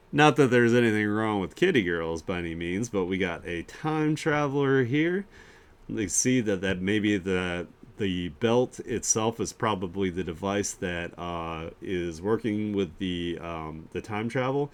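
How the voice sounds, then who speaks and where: Laid-back low-voiced man streaming. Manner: laid-back and rambling, with many fillers and chuckles. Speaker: streamer hosting an art share. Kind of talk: casual live-stream chat.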